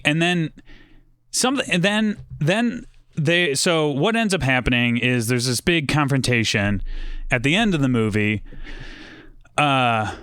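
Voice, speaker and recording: A man's voice: a little high, expressive, a little slow, bright, forceful tone, smooth, no room sound, clean studio sound. A man talking casually about a film, rambling with lots of fillers and restarts. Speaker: podcast guest. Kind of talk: casual movie discussion.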